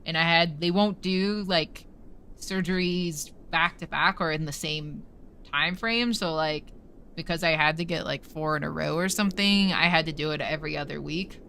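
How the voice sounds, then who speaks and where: A woman's voice: sits low, moderate pace, bright, forceful tone, slight background noise. A woman streamer in casual live-stream chat with viewers, chatty and thinking aloud, swearing casually.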